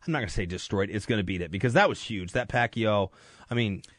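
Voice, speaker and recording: A man's voice: lowish voice, fast talker, fairly bright tone, no echo. A man filling in as host on a sports radio show, chatting casually in a joking, rambling, self-deprecating way at a studio mic. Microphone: studio microphone.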